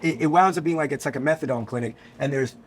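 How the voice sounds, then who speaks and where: A man from New York sits in as a guest musician and tells a story on a podcast. He is animated and swears freely, and he acts out what people said. His voice sits a little high for a man, and faint noise runs underneath. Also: fast. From New York, USA. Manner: animated, profane, acts out quotes.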